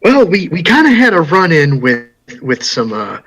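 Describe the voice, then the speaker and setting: A man's voice: on the high side, huge pitch swings, normal speed, fairly bright tone, slightly rough, dull audio, pitched above the performer's own voice, heavily acted. A man voicing a nervous male orc adventurer in a tabletop game, hesitant and jittery. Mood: uneasy.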